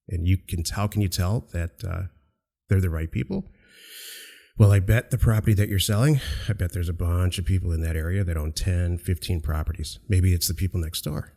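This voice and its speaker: Deep, mellow-voiced male show host. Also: a little fast, creaky. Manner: emphatic, instructional, teasing. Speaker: podcast co-host. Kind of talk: casual radio-show chat and instruction. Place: outdoors near a beach.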